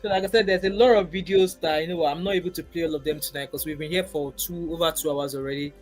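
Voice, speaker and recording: A woman's voice: sits low, steady tone, quick pace, faint music behind. A woman hosting a livestream, chatting and reading viewer comments aloud. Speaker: livestream host. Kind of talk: livestream chat.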